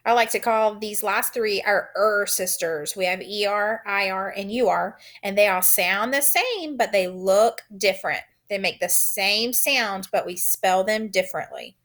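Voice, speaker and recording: A woman teacher leads young children through a phonics lesson in a slow, unhurried voice. She sounds out each letter clearly and patiently, at a middling pitch. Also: a bit bright.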